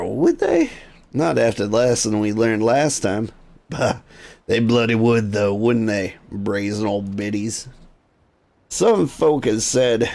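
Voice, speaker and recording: A man voicing a gruff old former pirate sailor with a salty, grumbling manner, read aloud over a video game. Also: fairly low pitch, darkish tone, full character voice. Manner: salty, grumbling, drawn-out old sea dog.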